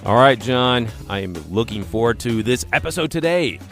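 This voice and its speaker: A man's voice: mid-range voice, expressive, normal speed, a bit bright, faint music behind. An American man hosting a language-learning podcast in a casual, playful way, joking through his intro and reading listener reviews. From United States. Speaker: podcast host.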